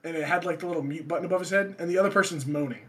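A man's voice: fairly high pitch, rapid-fire, fairly bright tone. A young man hosting a casual podcast, rambling through crude stories and swearing often. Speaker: podcast host.

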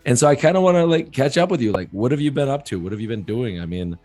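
A man hosting a podcast interview, talking in a chatty, joking, eager way with a hoarse, rough voice. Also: mid-range voice, lively intonation, fast, darkish tone, faint music behind. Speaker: podcast host.

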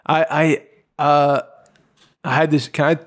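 A young man in casual podcast chat, with a slightly high voice. He speaks earnestly and from the heart, piling on "like" and "bro". His delivery is loose and conversational. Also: flat delivery, unhurried. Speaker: podcast co-host.

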